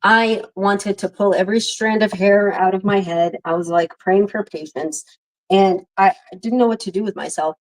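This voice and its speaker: A young adult woman in casual chat, telling a lively story and acting out the quotes. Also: medium pitch, normal speed, rough recording. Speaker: podcast co-host.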